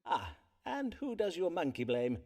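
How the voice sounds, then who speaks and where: An actor voicing a courteous Elizabethan astrologer and physician who speaks in polite, archaic phrasing, in a video game. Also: male voice, a little high, huge pitch swings, a little slow, a little mellow, heavily acted. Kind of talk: game voice acting.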